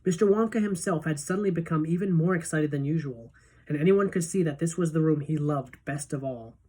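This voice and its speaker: A woman teacher reading a children's novel aloud to her class in a steady, even storytelling voice. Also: low-pitched, brisk, slightly rough.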